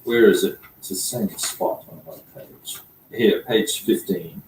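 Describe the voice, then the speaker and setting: A man with a fairly low voice plays a tabletop wargame with a friend, working through the rules aloud with halting pauses and fillers. He sounds like he is in an echoey room, with a faint hiss of background noise behind him. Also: a little mellow. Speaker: board game player, co-host. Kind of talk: casual chat over a wargame.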